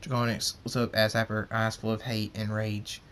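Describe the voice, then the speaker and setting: A man's voice: lowish voice, completely flat delivery, normal speed, background noise. A man reading his pony fan story aloud as narrator, in a plain way with some stumbles over words.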